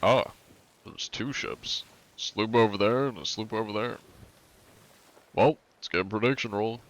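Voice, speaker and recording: A man's voice: on the low side, a little slow, a bit bright. A young man in his twenties chatting casually with viewers on a gaming livestream, with dry, wry jokes. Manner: dry, wry joking with chat. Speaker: streamer.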